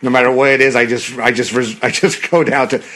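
A man's voice: mid-range voice, fairly even intonation, a little fast, a bit bright. Giggly rambling male podcast host. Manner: giggly, rambling film fan. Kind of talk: casual chat watching a film.

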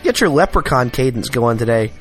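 A man's voice: mid-range voice, expressive, brisk, faint music behind. A man co-hosting a casual podcast, with dry, sarcastic ribbing. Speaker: podcast co-host. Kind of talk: casual comedic podcast chat.

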